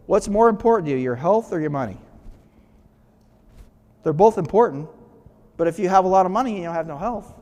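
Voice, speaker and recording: A man's voice: on the high side, darkish tone. A man giving a casual motivational talk to a live audience, often checking in with them and restarting phrases. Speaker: guest speaker. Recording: long hall reverb.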